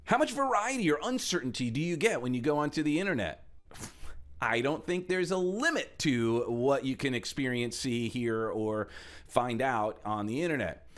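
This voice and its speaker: A middle-aged man giving a motivational talk. He is animated and mid-pitched, swinging from loud punches to hushed asides as he acts out the people he talks about. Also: normal speed. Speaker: speaker and trainer.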